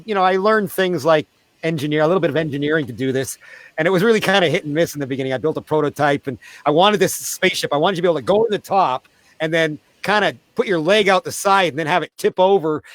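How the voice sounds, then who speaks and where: A man, a street theatre performer, telling animated stories in a casual interview over a video call. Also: no room sound. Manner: animated, acts out quoted voices in a high pitch.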